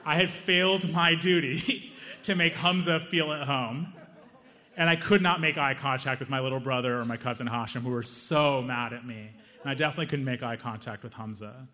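A man's voice: mid-range voice, moderate pace. A young man doing stand-up comedy, telling a story and acting out the people in it. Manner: animated, acts out other people's lines.

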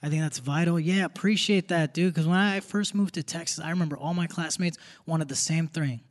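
A man's voice: a little high, fairly quick. A young man doing live stand-up comedy on a theater stage, casual and punchy, laughing as he goes. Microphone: stage microphone. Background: audience laughter.

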